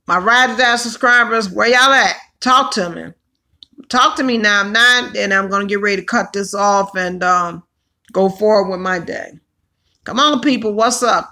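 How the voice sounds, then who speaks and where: Gravelly-voiced woman chatting on a livestream. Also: mid-range voice, normal speed, sharp tone. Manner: chatty, exclaims and calls out to viewers. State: hoarse from allergies. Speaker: livestream host. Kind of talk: casual livestream chat with viewers.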